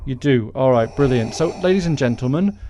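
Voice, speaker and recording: Sarcastic podcast host. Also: male voice, medium pitch, animated, a little fast, dark tone, slight background noise. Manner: sarcastic, mocking. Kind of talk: comedic political monologue.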